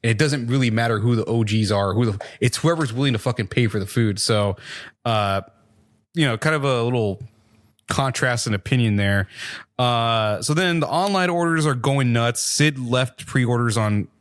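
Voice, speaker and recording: A man in a casual podcast chat, walking through a TV episode's plot at an easy, rambling clip. He swears freely and leans on fillers, at an ordinary middle pitch for a man. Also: moderate pace. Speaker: podcast co-host reviewing a TV show.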